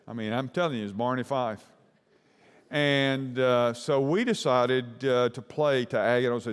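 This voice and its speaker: A man's voice: mid-range voice, slow, smooth, long reverb tail. A man preaching a sermon, telling a long anecdote in a folksy, rambling way. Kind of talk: sermon storytelling.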